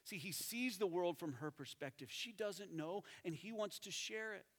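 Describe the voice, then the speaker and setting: Man preaching, fairly high voice, lively then hushed, long church reverb. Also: moderate pace. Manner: animated, conversational, drops to soft tones for emphasis. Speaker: pastor. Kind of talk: sermon. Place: church sanctuary. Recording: reverberant hall.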